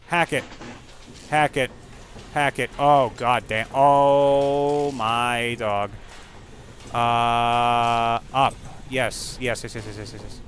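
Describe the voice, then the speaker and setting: A man giving profane, excitable live commentary while playing a video game and yelling at what happens on screen. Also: mid-range voice, slow, slight background noise. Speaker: gaming streamer.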